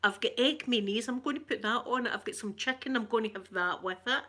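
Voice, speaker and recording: On her live stream, a middle-aged Scottish woman with a Glaswegian accent greets people by name, laughs frequently, and chats in a relaxed way. Her voice is a little high and bright with a forceful edge, and she speaks fairly quickly.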